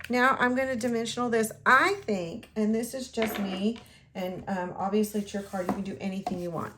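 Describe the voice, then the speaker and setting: A middle-aged woman chats and rambles through a card-making tutorial, talking to herself as she works, in a medium-pitched, fairly bright voice that's fairly quick with fairly even intonation. There's a little hiss or hum in the recording.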